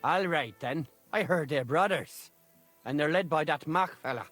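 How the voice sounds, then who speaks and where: An actor playing a sly, greedy male knacker villager with an Irish accent and a gruff, bargaining drawl. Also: fairly high pitch, moderate pace, fairly bright tone, soft background music. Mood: scheming.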